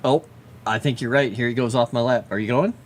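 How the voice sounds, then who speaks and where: A man's voice: mid-range voice, fairly quick, slight background noise. A man casually chatting on a livestream while drawing a fantasy map, muttering to himself and cooing at his pet.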